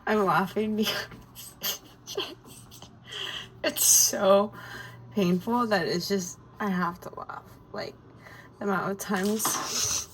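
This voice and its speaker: A woman's voice: medium pitch, far from the mic, background noise. A young woman vlogging in a casual chat, in pain and frustrated, laughing through it. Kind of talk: casual vlog talk to camera.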